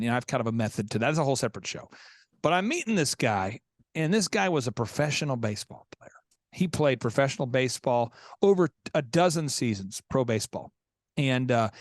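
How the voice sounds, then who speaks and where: A male podcast host tells stories with high energy and voices both sides of each conversation. His voice sits high and swoops widely. The studio recording is close and dry. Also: no room sound. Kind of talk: animated storytelling.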